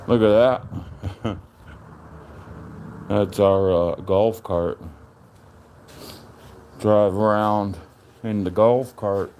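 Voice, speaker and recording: A middle-aged man, chatting casually on a live stream from his phone as he walks around his home and backyard. He is relaxed and chatty. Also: extremely slow, long pauses. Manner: relaxed and chatty, jumps to a high sing-song voice when talking to his dog. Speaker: livestream host. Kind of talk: casual live-stream chat while walking. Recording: faint outdoor noise on a phone stream.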